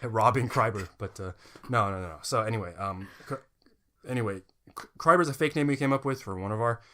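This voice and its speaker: A man's voice: on the low side, fairly quick, fairly bright tone. A man co-hosting a comedy podcast in casual chat, rambling, repeating himself and pleading with listeners. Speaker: podcast co-host.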